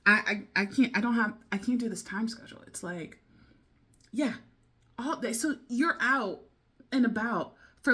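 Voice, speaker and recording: Chatty, high-voiced young woman rambling. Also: normal speed, fairly bright tone, slightly rough. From America. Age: young adult. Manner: rambling, laughing, with many fillers and self-interruptions. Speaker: vlogger. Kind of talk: casual storytelling vlog.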